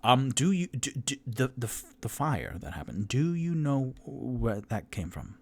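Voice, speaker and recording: A man's voice: medium pitch, sing-song, measured pace, vocal fry, pitched above the performer's own voice, full character voice. A man voicing a nervous, polite adventurer who stammers as he asks questions, in a solo tabletop game.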